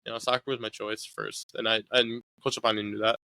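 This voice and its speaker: Young guy chatting loosely, bright tense voice, dry close sound, lots of ums. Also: fairly low pitch, level tone, fairly quick, creaky, no echo. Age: young adult. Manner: easygoing, rambling with many fillers. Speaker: guest, college soccer player. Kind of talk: casual interview talk.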